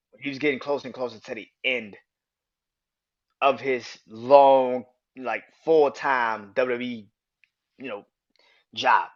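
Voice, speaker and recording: Profane, excitable man on a podcast. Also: medium pitch, highs cut off. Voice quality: profane, excitable, laughs often. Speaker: podcast host. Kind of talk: casual wrestling podcast rant.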